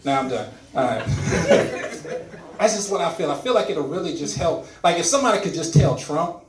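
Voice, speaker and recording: A man doing a stand-up comedy set, animated, chuckling at his own jokes and repeating words for emphasis. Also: a little high, moderate pace, echoey room, recorded from a distance, a little hiss or hum, rough recording. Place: comedy club stage.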